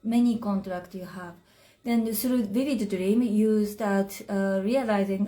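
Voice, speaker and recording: Slow, mellow-voiced spiritual woman. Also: medium pitch, fairly even intonation. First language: Japanese. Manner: halting, searching for words in English. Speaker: spiritual teacher. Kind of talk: live-stream chat.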